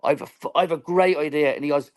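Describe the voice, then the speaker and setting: A man, a band member guest, telling a story in an interview, animated and acting out dialogue with frequent laughs. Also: on the high side, racing. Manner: animated, acts out quoted dialogue, laughs often.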